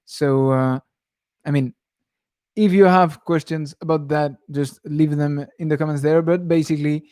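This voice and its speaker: A young man talks loosely through a live Q&A about guitar, wandering off mid-sentence and chuckling as he goes. His voice sits a little high for a man, and the sound is close and dry with no room around it. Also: fairly even intonation, normal speed, dark tone, no echo. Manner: rambling, self-interrupting, chuckles often. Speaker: guitar teacher. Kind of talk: casual live stream Q&A.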